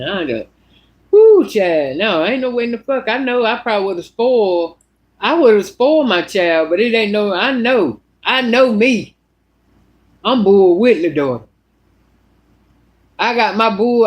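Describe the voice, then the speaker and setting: A woman telling a story in a casual vlog monologue, blunt and full of cussing. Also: mid-range voice. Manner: blunt, profane, animated. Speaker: vlogger.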